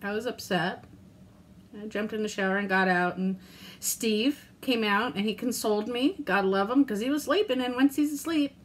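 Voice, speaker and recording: A middle-aged woman vlogging in a casual, candid and rambling way, self-deprecating, with mild cursing and lively swings in tone. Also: medium pitch, moderate pace, a little hiss or hum. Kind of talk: casual chat to camera.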